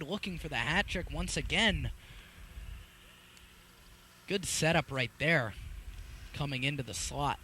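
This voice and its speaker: A man's voice: on the high side, unhurried, pauses often, a little hiss or hum. Young man calling a field hockey game. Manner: energetic, rises sharply on goals. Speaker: play-by-play announcer. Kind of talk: live sports commentary.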